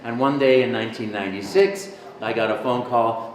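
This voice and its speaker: A man in an interview at a convention, telling stories in an animated, jokey way. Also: mid-range voice, a little fast, roomy sound, slight background noise. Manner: animated, jokey storyteller, breaks into voices. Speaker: voice actor, interview guest. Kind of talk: casual storytelling interview. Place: convention venue.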